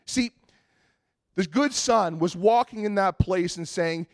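Male pastor, high voice, animated storyteller, dry and close. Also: slow, dry recording. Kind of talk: sermon.

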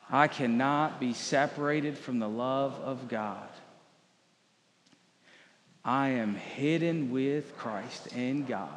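Slow-speaking pastor in a big hall. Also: male voice, mid-range voice. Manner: leads congregation in call-and-response declarations. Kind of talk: sermon.

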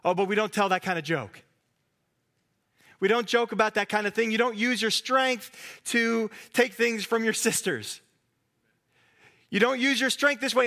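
A man preaching a sermon as pastor, earnest, at times dropping to a soft hush. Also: very high voice.

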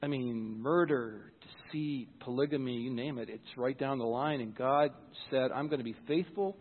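A man's voice: fairly high pitch, breathy edge, in a large hall, phone-quality sound. A pastor giving a sermon in church, earnest and conversational, often repeating words as he starts a thought.

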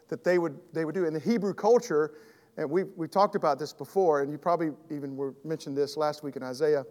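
Male Bible teacher, earnest and emphatic, a touch high-pitched, throat catching, long hall reverb. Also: fairly quick, a little mellow. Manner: earnest, emphatic, repeats and restarts phrases. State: throat trouble, clearing his throat. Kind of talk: evening Bible class teaching.

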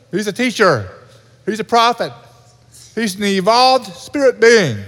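A pastor delivering an earnest sermon in a church, repeating key points for emphasis. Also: male voice, high voice, fairly bright tone. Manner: earnest preaching with repetition. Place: church sanctuary. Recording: reverberant hall.

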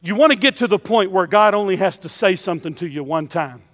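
A male preacher delivers a sermon with a notably high voice, pressing his points through emphatic repetition. The sound carries a long reverb, as in a large church sanctuary. He talks straight to his congregation. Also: expressive, quick pace, fairly bright tone. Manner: emphatic, repeating key phrases.

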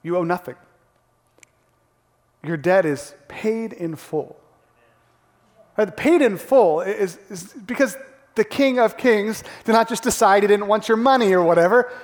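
A male pastor preaching a sermon, animated, acting out the crowd's gasps and the characters' lines. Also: sits high, unhurried, long pauses. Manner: animated, acts out gasps and quotes. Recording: long hall reverb.

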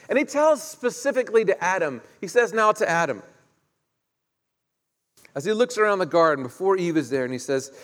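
Animated and high-voiced, a man preaches at normal speed, retelling the story in a conversational style and posing questions to the congregation. The recording comes from an echoey hall with long reverb.

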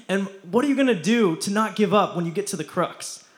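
A man's voice: high voice, expressive, normal speed. A young man preaching a casual youth sermon, slangy and playful, often laughing as he talks.

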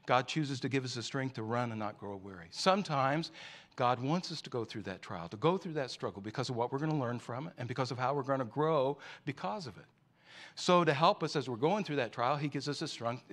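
A man preaching a sermon, a storyteller who climbs to loud peaks and drops to soft near-whispers. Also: medium pitch. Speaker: pastor.

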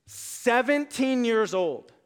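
A man with a notably high voice preaches a lively sermon before a congregation and reads scripture aloud. His delivery is casual and conversational. It swings from soft, hushed asides to loud, emphatic peaks. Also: takes it slowly. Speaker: pastor. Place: room with a live congregation.

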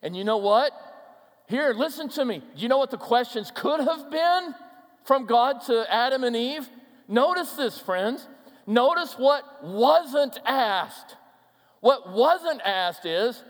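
A Minnesota-male pastor gives a sermon in a large church. His voice sits high and his delivery is slow and deliberate, swinging from emphatic to hushed. A long reverb from the hall trails each phrase. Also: very animated. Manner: emphatic, with soft hushed passages.

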